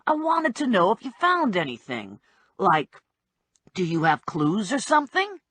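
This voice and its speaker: A pushy, streetwise middle-aged bookie, played by a woman narrator. He talks bluntly and nosily with a slightly breathy, unhurried delivery. His pitch swings widely from line to line. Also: wildly swooping pitch, a bit bright, dry recording, full character voice. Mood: nosy.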